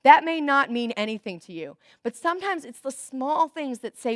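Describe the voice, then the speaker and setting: A young adult woman giving a chatty, animated storytelling talk to church volunteers, acting out bits of dialogue. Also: high voice, moderate pace, hardly any pauses, no room sound, clean studio sound. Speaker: guest speaker at a church volunteer event. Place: church hall.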